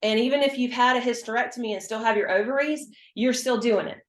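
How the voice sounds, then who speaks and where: A woman's voice: a little high, quick pace. A woman working as a hormone health practitioner, chatting emphatically in an interview and acting out her exchanges with patients. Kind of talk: casual interview explanation. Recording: roomy echo.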